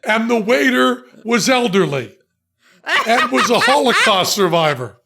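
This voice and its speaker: A man's voice: very high-pitched, measured pace, gravelly, very noisy. A man hosting a podcast who tells a comic anecdote and laughs in the middle of his sentences. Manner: animated storyteller who laughs mid-sentence. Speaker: podcast host. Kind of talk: comic storytelling chat.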